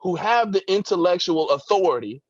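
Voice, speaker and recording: A man's voice: sits high, lively intonation, a little fast, slightly rough, no echo, muffled recording. A man giving impassioned political commentary as a radio guest, with emphatic, preacher-like rhetoric.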